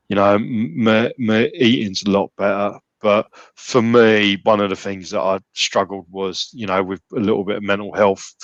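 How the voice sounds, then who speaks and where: A man's voice: fairly low pitch, fairly bright tone, dry recording, dull audio. A man talking casually as a podcast guest, rambling with many restarts and fillers. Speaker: gym member guest.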